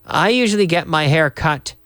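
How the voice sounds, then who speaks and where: A man's voice: on the high side, expressive, normal speed, fairly bright tone, no room sound, studio quality. A man from Canada teaching English vocabulary on a TV lesson, spelling words out and switching into Spanish.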